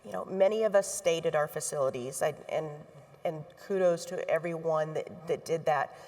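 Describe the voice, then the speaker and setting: A middle-aged woman with a somewhat low voice speaks earnestly from a stage. Her delivery is heartfelt and steady. A long hall reverb trails her words. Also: normal speed. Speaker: healthcare association board chair. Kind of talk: onstage talk to an audience.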